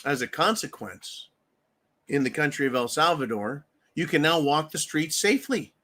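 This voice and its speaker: A man's voice: fairly high pitch, animated, normal speed, sharp tone. A man hosting a profane political rant, angry and mocking, with frequent swearing. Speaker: political commentary host.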